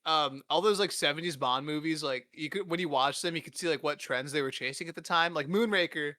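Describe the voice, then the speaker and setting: A man's voice: on the high side, fairly quick, sharp tone, no room sound. A young man hosting a podcast, riffing in a rambling, profane way and laughing often. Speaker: podcast host. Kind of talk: casual comedic riffing.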